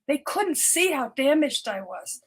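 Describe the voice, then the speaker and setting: A woman's voice: high-pitched, big pitch swings, measured pace. An older woman, a doctor, telling her personal story as a podcast guest, earnest and often repeating words as she restarts her sentences.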